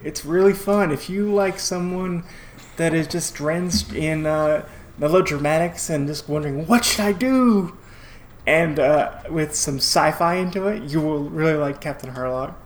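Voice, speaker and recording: A man co-hosting a podcast in casual chat, halting with many fillers and restarts. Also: on the high side, fairly even intonation, slight background noise. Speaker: podcast co-host.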